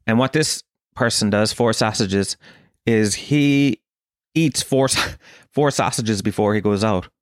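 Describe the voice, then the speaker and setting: A man from Tralee with a Kerry Irish accent, ranting through a sweary comic monologue with sudden jumps up in pitch. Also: a little slow, dry recording, clean studio sound. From Ireland, Tralee. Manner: swears a lot, animated rants with bursts of high pitch. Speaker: comedian. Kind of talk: stand-up style comic monologue.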